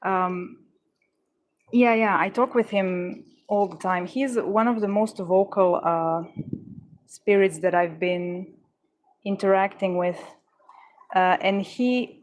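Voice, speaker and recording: A woman's voice: medium pitch, takes it slowly, pauses often, a little hiss or hum. Stuttering woman chatting casually. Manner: stutters, with many restarts and fillers. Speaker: livestream host. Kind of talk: casual chat answering viewers.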